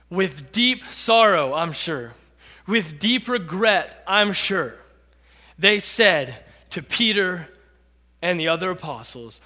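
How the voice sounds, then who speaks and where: A man preaching a sermon as pastor, dramatic, acting out quotes and rising to shouts. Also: high-pitched, animated, slow pace. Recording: long reverb of a large hall.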